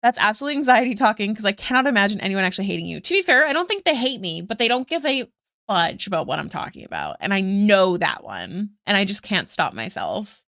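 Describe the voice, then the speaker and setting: A woman's voice: medium pitch, big pitch swings, quick pace, vocal fry, a bit bright, no echo, studio quality. A woman streaming her art live, chatting casually with viewers, giggling often and thanking them one by one.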